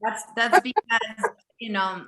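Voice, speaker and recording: Fairly high-pitched and animated, this woman takes her time, her voice bright and forceful in a roomy recording with a little hiss or hum. She is an intuitive health reader from Japan, a native Japanese speaker with a slight accent, hosting a live one-on-one session. She speaks directly and insistently, often adding "okay?".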